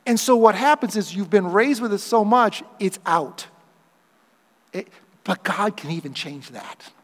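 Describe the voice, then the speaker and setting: A man preaching a sermon as pastor, animated and playful, acting out quoted voices for humor. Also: sits high, long reverb tail.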